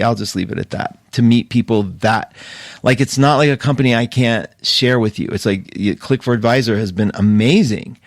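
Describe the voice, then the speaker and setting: A man's voice: medium pitch, moderate pace, dry recording. Male host, casual and rambling, laughs a lot, dry close sound, mid-range voice. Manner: chatty, rambling, laughs often. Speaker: astrology show host. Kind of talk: casual live-stream talk.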